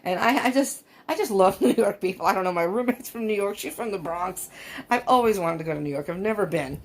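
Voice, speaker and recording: A woman's voice: mid-range voice, animated, a little fast. A woman from California giving a casual, rambling tarot reading from an upstairs room at home. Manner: rambling, chatty, laughs often. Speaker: tarot reader. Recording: faint fan noise at home. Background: faint fan noise.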